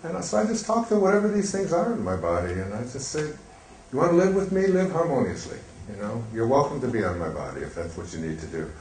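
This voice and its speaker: An older man telling a gentle, meandering story with soft laughs and many fillers. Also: lowish voice, very animated, fast talker, few pauses, reverberant, a little hiss or hum, low-quality recording. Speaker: speaker. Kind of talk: reflective storytelling talk.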